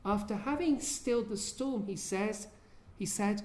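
A woman's voice: mid-range voice, measured pace, few pauses, darkish tone. A woman preaching a sermon in an earnest way, often asking her listeners questions.

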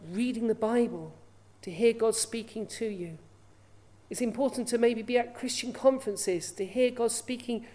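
A woman's voice: medium pitch, dark tone. A woman preaching a sermon in an earnest way, often asking her listeners rhetorical questions.

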